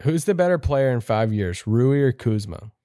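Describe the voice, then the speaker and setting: Male podcast co-host, mid-pitched, dry, sarcastic delivery, close dry recording. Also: animated, normal speed, dark tone, no echo. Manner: dry, sarcastic, laid-back. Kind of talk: casual sports chat.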